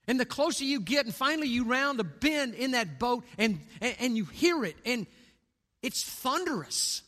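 High bright-voiced preacher in a reverberant church. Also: male voice, sing-song, moderate pace. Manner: dramatic swings between hushed and booming delivery. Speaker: pastor. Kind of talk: sermon. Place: church sanctuary. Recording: long hall reverb.

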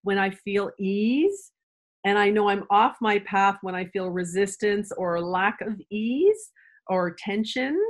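A woman's voice: mid-range voice, slow pace. Woman chiropractor explaining thoughtfully. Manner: thoughtful, searching for words with restarts. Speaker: chiropractor guest. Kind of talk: conversational interview answers.

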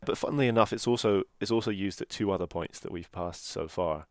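A man's voice: low voice, quick pace, dry recording, studio quality. A man co-hosting a podcast, explaining a classic novel in a careful, explanatory way. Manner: explanatory, careful, pronounces Chinese terms. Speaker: podcast co-host. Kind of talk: casual book discussion.

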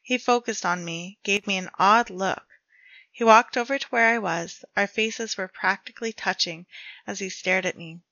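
A woman reading her own dark fiction aloud in a measured way, hushed in quieter passages. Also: medium pitch, dry recording, highs cut off. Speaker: storyteller.

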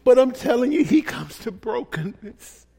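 High-voiced impassioned preacher in a reverberant hall. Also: male voice, big pitch swings, moderate pace, vocal fry, breathy edge. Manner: impassioned, pleading, swinging between hushed and shouted. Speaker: pastor. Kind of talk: sermon. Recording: long reverb of a large hall.

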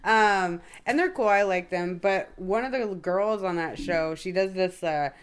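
A woman's voice: fairly low pitch, measured pace, clean tone. A woman in her thirties co-hosting a podcast, chatting casually and telling stories, swearing freely. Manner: swears freely, animated storytelling. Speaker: podcast co-host. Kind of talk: casual chat.

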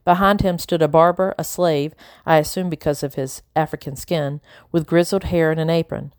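A woman narrating a novel in the first person, measured and unhurried. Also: deep voice, fairly even intonation, darkish tone, no echo, studio quality. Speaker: audiobook narrator.

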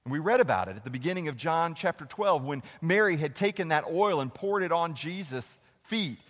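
A man preaches with a fairly high, very lively voice that rises for urgent lines and drops low and quiet for emphasis. He acts out the quoted dialogue as he goes. His voice rings with the long reverb of a large hall. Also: a little fast. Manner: dramatic, acts out quoted dialogue, swings from loud to hushed. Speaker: pastor. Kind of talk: sermon.

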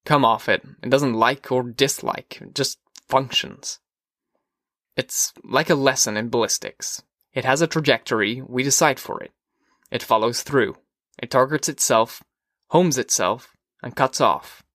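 A man's voice: mid-range voice, unhurried, a bit bright, dry recording, studio quality, lightly acted. A man voicing a confident, dismissive middle-aged fire captain in an audiobook reading, offhand and mocking.

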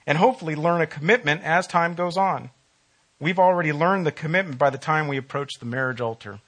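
Bright-voiced male pastor preaching. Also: a little high, fairly quick. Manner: conversational, asks the congregation questions. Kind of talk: sermon.

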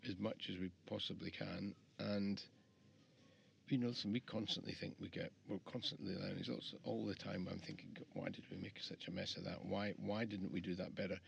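A man's voice: deep voice, steady tone, brisk, gravelly. A middle-aged man, an architect guest, talking in a rambling, reflective way with many restarts, in casual interview chat. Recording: faint background noise.

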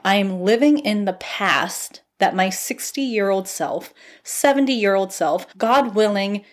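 A woman's voice: mid-range voice, slow pace. A woman in her thirties hosting a podcast, giving a casual motivational talk and laughing often as she gets fired up. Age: 30s. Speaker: podcast host. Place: at home. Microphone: phone.

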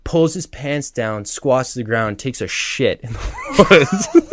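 A young man co-hosting a podcast, telling an animated story with lots of laughter and acted-out quotes. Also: medium pitch, slow pace, a little hiss or hum. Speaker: podcast co-host. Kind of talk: casual storytelling chat.

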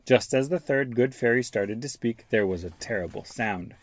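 A man hosting a show where he reads a storybook aloud to his young son and stops to explain words gently. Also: medium pitch, moderate pace, hardly any pauses, no echo. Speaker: father reading to his child, podcast host.

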